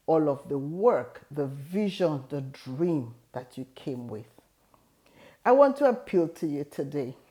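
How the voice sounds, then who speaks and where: With a deep, dark-toned voice, a middle-aged woman gives advice in a video, telling a personal story. The talk is motivational, earnest and encouraging.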